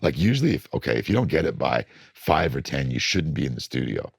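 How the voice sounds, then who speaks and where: A middle-aged record producer being interviewed, telling blunt studio stories and acting out moments from sessions. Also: male voice, a bass voice, fast, gravelly, husky, no echo. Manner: animated, blunt storytelling that acts out studio moments.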